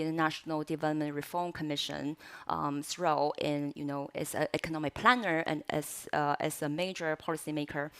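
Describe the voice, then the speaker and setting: Conference panelist, woman, low-pitched, coughing and talking around a throat lozenge, measured with many ums. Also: a bit bright. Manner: measured, with frequent fillers and self-corrections. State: has a cough, voice altered by a cough drop in her mouth. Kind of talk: academic panel talk.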